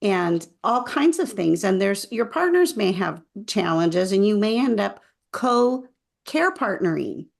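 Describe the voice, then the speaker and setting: A woman's voice: medium pitch, very animated, a little slow, creaky. A woman co-hosting a podcast, talking in a casual, thoughtful and advising way. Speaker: podcast co-host. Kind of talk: casual conversational podcast talk.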